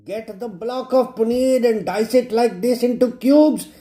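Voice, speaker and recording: Cook demo host, male, crude and cheeky. He swears freely and keeps a mellow tone. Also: extremely high pitch, a little slow. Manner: blunt, crude, constant swearing, playful jokes; repeats words for emphasis. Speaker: home cook showing a recipe. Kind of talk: casual cooking demonstration.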